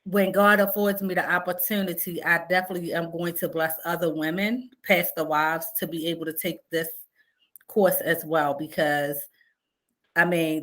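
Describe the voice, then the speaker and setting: A pastor's wife giving a heartfelt testimony on a video call. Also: female voice, deep voice, fairly bright tone. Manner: heartfelt, storytelling.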